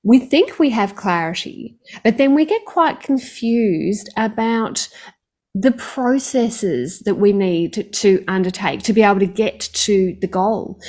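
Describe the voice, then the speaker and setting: A woman's voice: mid-range voice, expressive, measured pace, a little mellow. A woman hosting a podcast interview, speaking in a reflective, articulate way as she shares her thoughts and asks questions. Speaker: podcast host. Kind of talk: interview conversation.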